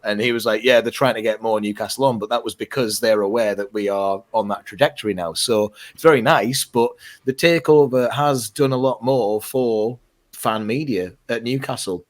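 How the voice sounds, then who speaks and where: A man, a radio presenter who is a guest, chatting casually and telling animated stories. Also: medium pitch, moderate pace. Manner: animated storyteller, mimics voices in anecdotes. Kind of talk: casual podcast chat.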